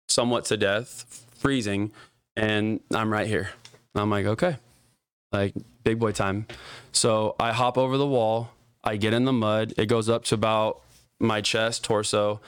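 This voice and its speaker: Low-voiced young man telling a wild story. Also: smooth, no echo, studio quality. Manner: profane, animated storyteller with many "like" fillers. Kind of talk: casual podcast storytelling.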